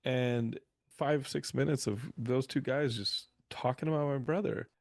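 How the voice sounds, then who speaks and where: Low gravelly guy chatting on a podcast, dry close sound, tells stories with lots of energy. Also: measured pace, no echo. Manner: animated anecdotal storyteller. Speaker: podcast guest. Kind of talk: casual interview storytelling.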